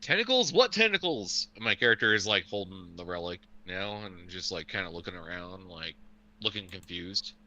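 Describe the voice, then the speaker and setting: A man playing a tabletop game online, asking eager quick questions. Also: sits low, steady tone, bright, forceful tone, rough recording. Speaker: player. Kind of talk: casual tabletop play. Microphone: online call.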